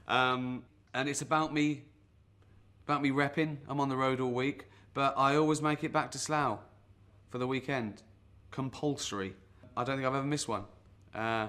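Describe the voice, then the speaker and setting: A man's voice: medium pitch, bright, forceful tone. An actor playing a self-deluded middle-aged male sales rep, rambling awkwardly with lots of ums and nervous chuckles in a comic mock guitar lesson. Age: 40s. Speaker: would-be guitar teacher.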